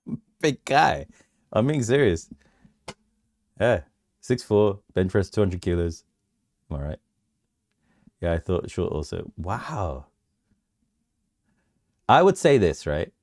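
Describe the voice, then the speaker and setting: A man's voice: deep voice, big pitch swings, slow, pauses often, a little mellow, dry recording. A man hosting a casual crypto livestream, bantering with his viewers, laughing often and restarting his sentences.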